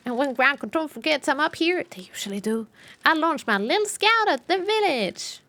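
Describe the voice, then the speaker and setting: A calm, lonely male alien keeping a far outpost speaks in a high, lively voice that rises and falls freely, as a woman reads him out from a game. His delivery stays plain and easygoing, like dialogue read straight off the screen. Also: moderate pace, exaggerated voice.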